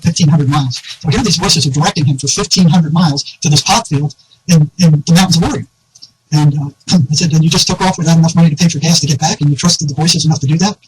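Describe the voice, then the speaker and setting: A man telling an animated anecdote in a casual conversation, often quoting others and laughing. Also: a little high, slightly rough, poor audio.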